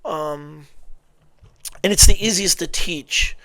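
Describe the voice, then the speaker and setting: A man's voice: sits high, slow pace, dry recording. A man breaking down football game film in casual commentary, blunt and often exasperated, correcting himself as he goes. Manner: blunt, animated, exasperated outbursts with self-corrections.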